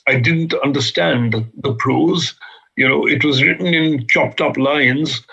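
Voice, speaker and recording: A man from Bombay, a guest author, telling lively, humorous anecdotes in conversation. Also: mid-range voice, measured pace, creaky, husky. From India (Bombay). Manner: lively, humorous, vivid storyteller. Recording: dull lo-fi sound.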